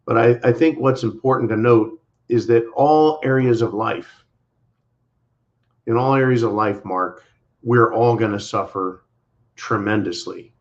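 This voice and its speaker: A man of medium pitch speaks a little slowly over dull, lo-fi livestream audio. Co-hosting the stream, he offers casual political commentary, emphatic and repetitive, and calls his viewers "folks".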